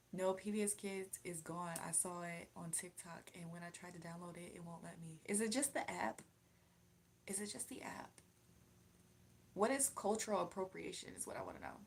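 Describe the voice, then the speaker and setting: A woman's voice: lowish voice, creaky, slight background noise. A young adult woman hosting a casual livestream, reading viewer comments and chatting in a rambling, laughing way. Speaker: livestream host.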